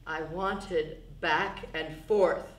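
A woman's voice: sits low, steady tone, extremely slow, distant mic. An actress playing a fragile, anxious lonely woman in a live stage play, pleading and prone to sobbing outbursts. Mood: withdrawn. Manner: pleading, breaking into sobs and outbursts. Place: theatre stage. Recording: roomy theatre stage sound.

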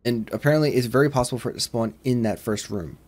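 A man hosting a let's-play of a horror game, rambling along and shouting whenever he is startled. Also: mid-range voice, fast. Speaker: gaming channel host.

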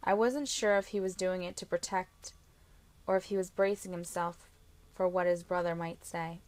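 Female audiobook narrator, first-person novel reading, steady and even, lower voice, dry close sound. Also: moderate pace, no room sound.

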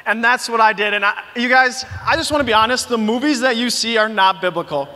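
Very high-voiced, bright youth pastor. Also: male voice, fairly quick. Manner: animated storytelling, filler "like" and "you guys". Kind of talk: youth sermon. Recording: long reverb of a big hall.

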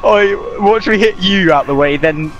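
A man hosting casual gaming chat with friends, playful and excitable, laughing a lot. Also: high-pitched, a little slow, lo-fi sound, slight background noise. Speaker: gaming channel host.

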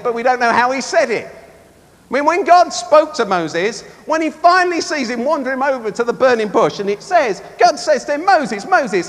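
Animated preacher, high expressive delivery, large reverberant venue. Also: male voice. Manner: animated, expressive, acts out voices. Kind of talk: sermon. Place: large tent or hall at a conference.

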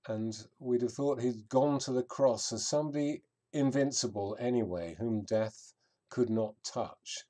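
A male vicar preaching a sermon at an unhurried, deliberate pace. His voice is mellow and warm, mid-pitched, thoughtful and reflective, with pauses as he works through the passage.

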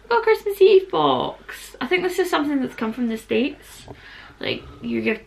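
A woman, hoarse and husky, chatting casually in a vlog and sometimes dropping to a whisper. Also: sits high, big pitch swings, moderate pace, a little hiss or hum. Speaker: vlogger.

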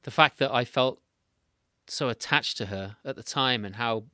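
A man's voice: medium pitch, moderate pace, bright, forceful tone, no echo, studio quality. A man from England, hosting a casual interview over a remote call, chatty and laughing often as he tells stories. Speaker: podcast host. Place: home, remote video call.

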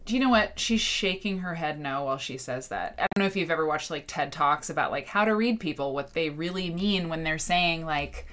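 A woman in her thirties hosting a quilt livestream, animated and exasperated, with sarcastic asides. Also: deep voice, normal speed. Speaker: quilt show host. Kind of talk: livestream talk. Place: home studio with green screen.

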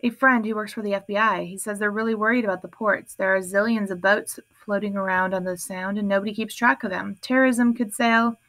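A woman's voice: mid-range voice, fairly even intonation, brisk, hardly any pauses, fairly bright tone, dry recording, close to an everyday voice. Woman voicing an insistent teen girl. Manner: insistent, snappy.

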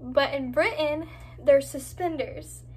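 Young woman, from Florida, high voice, casual vlog, rambling, lots of "like", faint noise. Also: takes it slowly, darkish tone. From Florida, United States. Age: young adult. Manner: chatty, rambling, heavy use of "like". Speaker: vlogger. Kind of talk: casual vlog talk to camera.

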